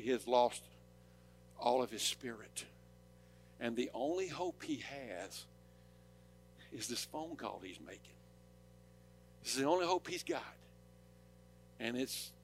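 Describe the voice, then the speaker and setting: Man, Southern accent, pastor, sermon, fervent, loud-to-soft swings, mid pitch. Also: lively intonation, a little slow, long pauses, breathy edge, faint music behind. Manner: impassioned, swings from loud preaching to soft storytelling.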